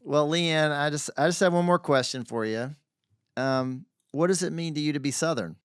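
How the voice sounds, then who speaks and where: A man hosting an interview podcast, asking measured, somewhat halting questions with fillers. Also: fairly high pitch, clear, resonant tone, no room sound, clean studio sound. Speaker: podcast host.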